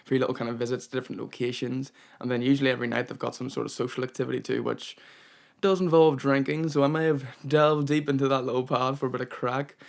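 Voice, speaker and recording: A man's voice: medium pitch, fairly even intonation, quick pace, gravelly. A young man narrating his travel vlog in a chatty, rambling way, full of "kinda" and "you know". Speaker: travel vlogger.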